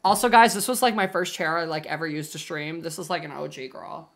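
A man's voice: on the high side, brisk, fairly bright tone. A young man streaming a game live, chatting casually and gushing at his dogs in baby talk. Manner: playful, lots of fillers.

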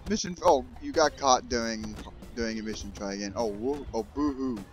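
A man giving casual let's-play commentary, excitable, yelling and swearing at characters in the game. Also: medium pitch, normal speed, faint music behind. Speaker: gaming YouTuber.

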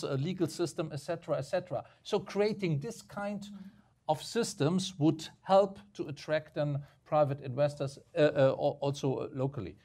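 A man speaking on a panel for a development finance institution, halting, with many fillers and repeated words. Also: a little high, a little mellow. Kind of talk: panel discussion remarks.

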